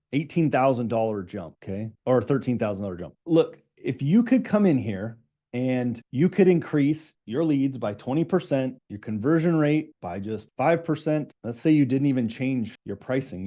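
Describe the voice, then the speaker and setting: A fast-talking middle-aged man coaching business owners in a live online session. His voice is dark and mellow, and he sits in an average, unremarkable pitch range. He keeps checking in with the audience as he goes. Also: lively intonation.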